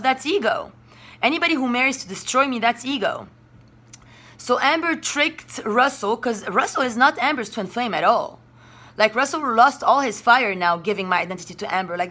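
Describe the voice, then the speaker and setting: A woman's voice: a little high, bright, forceful tone. A woman from Russia, talking in a rambling, emphatic and profane monologue. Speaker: spiritual vlogger.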